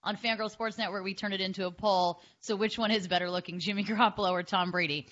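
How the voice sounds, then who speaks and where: Bright upbeat female podcast host. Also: mid-range voice, fairly even intonation, fast talker, dull audio. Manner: upbeat, laughs easily. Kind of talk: interviewing a guest.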